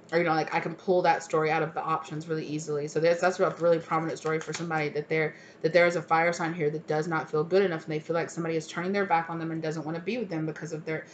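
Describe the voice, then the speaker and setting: A woman's voice: sits low, a little hiss or hum. A woman giving a casual tarot reading, naming cards and thinking aloud with many fillers. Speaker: tarot reader.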